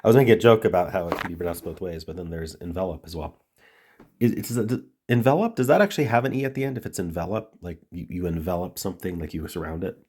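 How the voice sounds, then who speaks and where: His head stuffed up from a cold, a male puzzle-solving video host talks fast as he muddles through word puzzles, muttering, reading words aloud, and trailing off. The voice sits low, with lively intonation, a slightly mellow quality, and a breathy edge.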